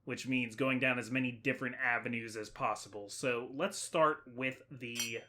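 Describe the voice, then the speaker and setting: A man's voice: mid-range voice, fairly even intonation, moderate pace, pushed and bright. A man giving casual commentary while playing a video game, chatty and thinking aloud as he goes. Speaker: let's play host.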